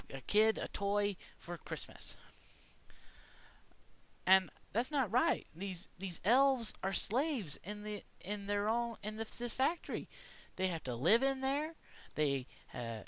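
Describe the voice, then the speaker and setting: A man's voice: high voice, a bit bright, clean tone, no room sound. A man rambling through a mock-serious conspiracy rant in a casual monologue, stumbling and restarting often. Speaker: vlogger.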